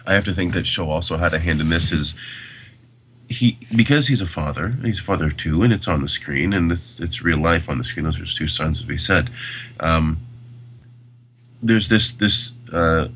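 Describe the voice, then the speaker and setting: A man co-hosts a podcast and talks loosely about a film, piling on fillers and restarts. His voice sits very low. A faint hum runs under the recording. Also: normal speed, fairly bright tone. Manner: rambling, many fillers and restarts. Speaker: podcast co-host. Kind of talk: casual film discussion.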